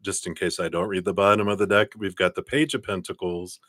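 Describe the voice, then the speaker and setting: Deep-voiced man giving a tarot reading. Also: little pitch movement, a little fast, a bit bright, no room sound, studio quality. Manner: chatty, encouraging, thinks aloud with fillers. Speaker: tarot card reader. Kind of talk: casual live tarot reading.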